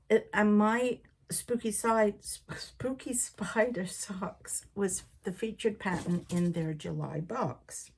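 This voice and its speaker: A woman's voice: on the low side, darkish tone. A woman in her sixties, born in Liverpool and living in Canada for decades, hosting a knitting podcast in a chatty, rambling way, laughing often as she gets over a cold. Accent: Liverpool with Canadian influence. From Liverpool, England. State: recovering from a cold. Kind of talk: casual chat.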